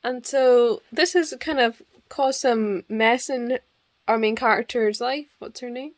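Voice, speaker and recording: A young Scottish woman chatting casually to camera in a vlog, wry and quick to laugh. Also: on the high side. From Scotland. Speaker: book vlogger.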